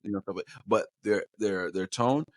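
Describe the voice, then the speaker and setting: A man's voice: lowish voice, normal speed, no echo, clean studio sound. A man, a guest telling stories in a loose, rambling way, often repeating words as he talks. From Long Island, New York. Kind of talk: casual conversation.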